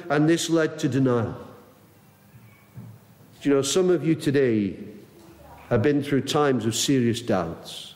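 A man's voice: high voice, a little mellow. A man preaching an earnest, emphatic sermon and acting out the Bible quotes he tells. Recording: long reverb of a large hall.

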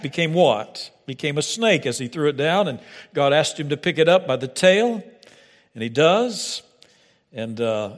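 A man preaching a sermon, reading scripture dramatically and breaking into lively asides. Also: medium pitch, big-room sound.

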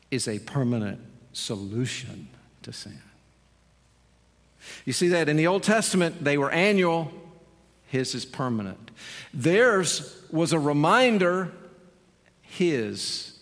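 Gravelly guy preaching a sermon, earnest, big echoey hall sound. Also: mid-range voice, a bit bright. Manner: earnest, building to emphatic appeals. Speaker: pastor. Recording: long reverb in a large hall.

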